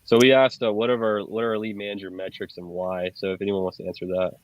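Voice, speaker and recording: A male host chats loosely, with plenty of fillers. His voice is a bit low. The sound is dry and dull, like lo-fi call audio. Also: flat delivery, quick pace, no room sound. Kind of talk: casual interview chat.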